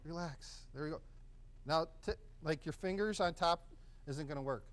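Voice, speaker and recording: A man's voice: fairly high pitch, moderate pace, a little hiss or hum. A man teaching a hands-on first aid class in a casual, encouraging, conversational way in a training room.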